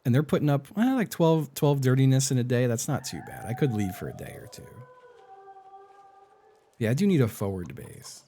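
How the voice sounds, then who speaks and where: Narrating his plays and welcoming his viewers, this game streamer chats casually in a warm, medium-pitched voice. He speaks at a moderate pace with big pitch swings.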